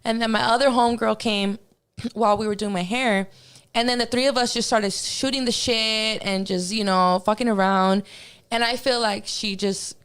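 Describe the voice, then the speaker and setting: A woman's voice: fairly high pitch, steady tone, normal speed, fairly bright tone, clear, resonant tone. A woman guest on a podcast telling a personal story in casual, profane talk, acting out her own reactions as she goes.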